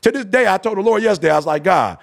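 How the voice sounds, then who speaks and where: Gravelly man telling a story. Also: sits high, rapid-fire. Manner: storytelling, animated, slangy, quotes others. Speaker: podcast host. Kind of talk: casual podcast chat.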